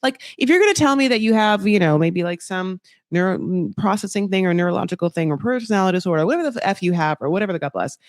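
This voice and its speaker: A woman's voice: medium pitch, lively intonation, fast talker, dry recording, studio quality. Rambling, gossipy woman recapping reality TV. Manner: rambling, gossipy, heavy on fillers. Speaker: podcast host. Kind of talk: casual reality TV recap commentary.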